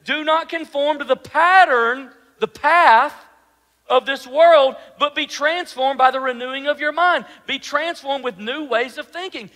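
High-voiced, bright male preacher in a hall. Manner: animated preaching, rhetorical questions, drops to a soft low voice. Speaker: pastor. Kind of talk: sermon.

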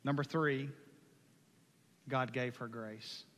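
A man preaching a sermon with passion, moving from hushed lines to loud ones. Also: medium pitch, fairly even intonation, slow. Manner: impassioned, swings from hushed to loud. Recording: long hall reverb.

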